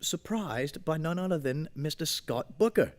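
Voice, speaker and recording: A man's voice: animated, moderate pace. A man co-hosting a casual chat, telling rambling stories, swearing casually and acting out the lines of the people in them. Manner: rambling storyteller, acts out quoted lines with swings in pitch. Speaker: podcast co-host.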